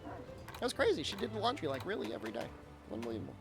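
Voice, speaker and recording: A man's voice: high-pitched, huge pitch swings, very fast, music in the background. A man streaming a game and chatting casually, telling a rambling story full of fillers and restarts. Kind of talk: casual chat during a live game stream.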